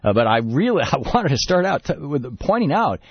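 A man from Detroit hosting political talk radio, speaking in a rapid, discursive, opinionated way. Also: a little high, big pitch swings, husky, dry recording, muffled recording. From Detroit, Michigan. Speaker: radio talk show host.

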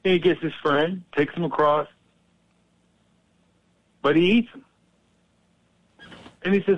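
A man hosting a heated political talk, animated and profane, telling stories to make his point. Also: a little high, unhurried, pauses often, no room sound, highs cut off. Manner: profane, animated, fired-up storyteller.

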